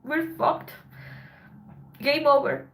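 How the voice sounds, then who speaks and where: A woman hosting a livestream, talking in a halting, emotional way with lots of swearing and a voice that breaks with tears. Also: high voice, gravelly, a bit bright, poor audio. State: tearful. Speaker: livestream host. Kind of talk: emotional casual livestream chat.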